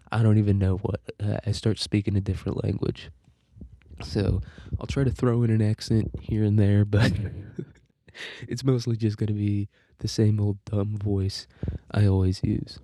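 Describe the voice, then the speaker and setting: Man, podcast host, very dark mellow voice, lowish pitch, dry close sound, rambling offhand chat. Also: no room sound. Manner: rambling and offhand, crude jokes, frequent fillers and restarts. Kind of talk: casual solo podcast monologue.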